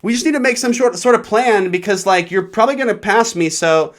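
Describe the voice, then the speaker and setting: A woman's voice: medium pitch, fairly quick, voice pushed up, close to an everyday voice. A man mimicking an uptight, anxious young woman hiker in a whiny, prissy voice. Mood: indignant.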